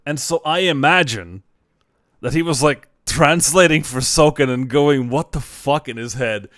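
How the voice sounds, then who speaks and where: A man's voice: a little high, measured pace, fairly bright tone, no echo, clean studio sound. A young man chatting casually on a game stream, swearing freely and laughing often. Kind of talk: casual live stream chat.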